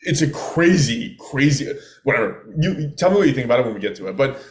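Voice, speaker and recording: Male podcast co-host, joking storyteller, average pitch, roomy sound. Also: very animated, fast talker, a little hiss or hum. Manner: chatty, joking, trails off and restarts. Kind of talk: casual chat, telling a true-crime story. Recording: roomy echo.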